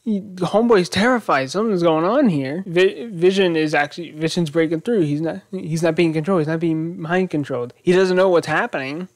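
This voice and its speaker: A man hosting his own channel, casually recapping a TV episode in a rambling, animated way, thinking aloud. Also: a little high, brisk, hardly any pauses, dry recording, clean studio sound. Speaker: YouTube show host.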